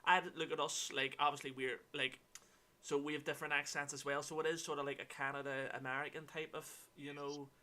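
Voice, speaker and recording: A Northern Irish man hosting a gaming livestream, chatting in a lively way and greeting viewers while he plays. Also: on the high side, a little fast. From Northern Ireland. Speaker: streamer host. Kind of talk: casual chat on a gaming livestream.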